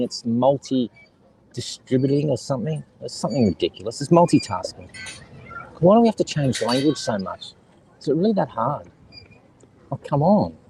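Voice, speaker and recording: Joking around and rambling with his live chat, a middle-aged Australian man stands outdoors by the sea among kids and seagulls. His mid-range voice is creaky and darkish, with slight background noise on a low-quality recording.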